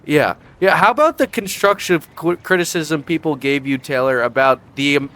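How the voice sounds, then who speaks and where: Young guy ranting on his vlog, smooth voice, sarcastic n sweary. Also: on the high side, normal speed, few pauses, fairly bright tone. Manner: sarcastic, profane, mocking. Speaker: YouTube commentator.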